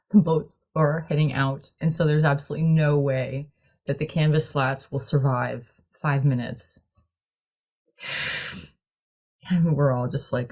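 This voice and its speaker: Low-voiced woman telling a story. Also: slow pace, pauses often. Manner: animated storyteller who laughs often. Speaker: choir director. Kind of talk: storytelling in a group conversation.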